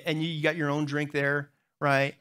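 A middle-aged man preaching a sermon as pastor, telling funny stories to the congregation and jumping into high voices when he acts out other people. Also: moderate pace, clear, resonant tone. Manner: humorous storytelling, talks to the crowd; animated, jumps into high squeaky voices when acting out others.

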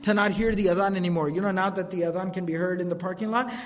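A man giving a religious lecture, quick and animated, mixing recited scripture with casual asides. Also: high-pitched. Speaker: preacher teaching a lecture series. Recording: long hall reverb.

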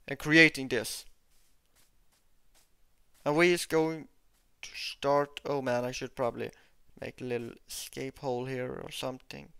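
Channel host doing gameplay commentary, excitable and addressing viewers, clean voice in a dry close recording. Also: medium pitch, clear, resonant tone, no echo. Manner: excitable, repeats exclamations, talks to viewers.

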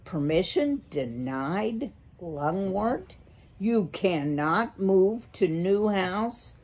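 A woman's voice: medium pitch, animated, drawn-out words, darkish tone. A woman reading a storybook aloud, voicing a bossy, menacing male owl who demands and screeches impatiently. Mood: demanding.

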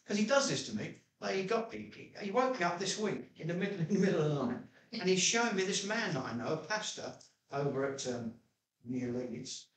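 A man preaching a sermon as pastor, telling stories in a chatty way and jumping high in pitch when he quotes himself. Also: very animated, brisk. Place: church hall. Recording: echoey church room, mic at a distance.

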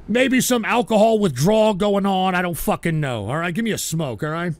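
Reading donations on his live-stream talk show, a man whose voice sits high swears angrily and erratically, with big pitch swings and a fairly quick pace. He even breaks into song mid-rant. The recording is dry.

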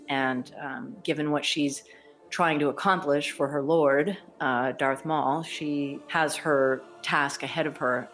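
Woman, low voice, enthusiastic, laughs easily, podcast guest. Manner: chatty, enthusiastic, laughs often. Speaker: voice actor guest. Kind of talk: casual podcast interview.

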